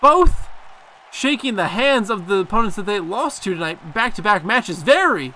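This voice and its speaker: A young man giving excitable play-by-play commentary on a video game wrestling match, casually swearing. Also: sits high, normal speed, slight background noise. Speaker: gameplay commentator.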